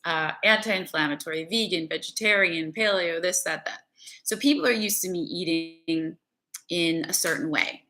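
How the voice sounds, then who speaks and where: A woman's voice: fairly low pitch, normal speed, sharp tone. A woman spiritual coach giving an earnest, conversational motivational talk and often checking in with "right?".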